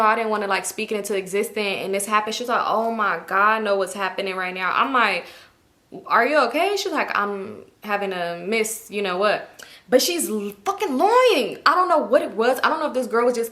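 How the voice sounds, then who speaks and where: A woman's voice: mid-range voice, pushed and bright. A woman casually telling a personal story to her viewers, candid and profane, acting out the other people's lines as she goes. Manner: candid, profane, retells with quoted dialogue. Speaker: storytime YouTuber.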